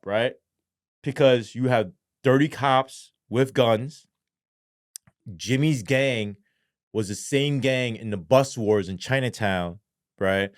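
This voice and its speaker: A man's voice: mid-range voice, slow, pauses often, dry recording, studio quality. A middle-aged man, a former police sergeant, telling his story as an interview guest, swearing often and acting out the dialogue. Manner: profane, animated, acts out quoted dialogue.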